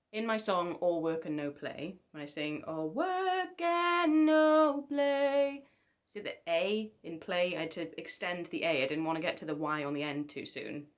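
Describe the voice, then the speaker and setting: Young singer, low-pitched, casual and wry, teaching to camera. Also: female voice. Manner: chatty, self-deprecating asides. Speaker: singer giving vocal tips.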